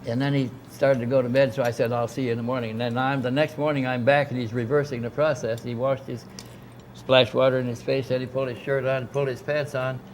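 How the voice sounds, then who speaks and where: Older man, casual storytelling, acts out dialogue, average pitch, faint background noise. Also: flat delivery, fast talker. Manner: rambling anecdotal, acts out quoted dialogue. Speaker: interviewee recounting experiences.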